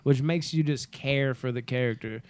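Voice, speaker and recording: A man co-hosting a casual movie podcast, talking in an animated way, acting out quotes and laughing often. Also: medium pitch, moderate pace. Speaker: podcast co-host.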